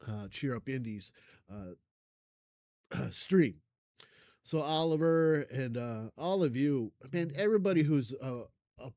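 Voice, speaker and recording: An older man runs a music reaction channel and talks loosely to his viewers, rambling and stopping often with lots of fillers. He thanks them warmly and lavishly, and he keeps coughing and clearing his throat. His pitch sits in the middle, and there's no echo.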